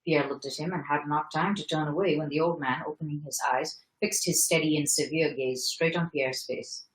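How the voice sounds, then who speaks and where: A woman reading a novel aloud in a calm, measured manner. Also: deep voice. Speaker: reader. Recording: roomy echo.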